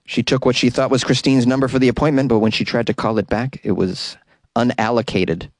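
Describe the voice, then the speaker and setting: A man's voice: medium pitch, steady tone, brisk, no room sound. A man hosting a podcast, casually reading odd news stories and stumbling over hard words. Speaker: podcast host.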